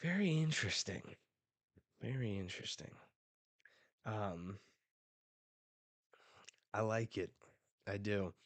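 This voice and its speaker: A man reacting on a live stream as he reads a manga, talking casually and excitedly into a close desk mic. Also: lowish voice, no room sound.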